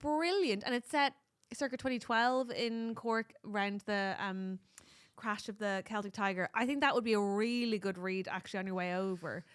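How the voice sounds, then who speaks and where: An Irish woman co-hosting a podcast, chatty and animated, handing out advice with the odd swear word. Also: medium pitch, normal speed, smooth. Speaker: podcast co-host. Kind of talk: casual chat.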